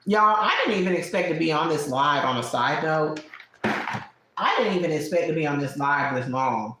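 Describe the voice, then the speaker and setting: A woman's voice: deep voice, lively intonation, moderate pace, background noise. A woman in her late thirties hosting a live stream, chatting candidly with viewers at home, laughing often and snacking as she talks. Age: 30s. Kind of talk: casual live-stream chat. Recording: very echoey room.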